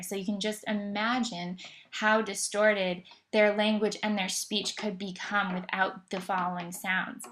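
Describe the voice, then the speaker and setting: A woman's voice: medium pitch, fairly bright tone. Woman, lecture voice-over, methodical explainer, occasional um and restarts. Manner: explanatory, occasional fillers and self-corrections. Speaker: presenter of an educational slideshow. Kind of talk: scripted educational narration.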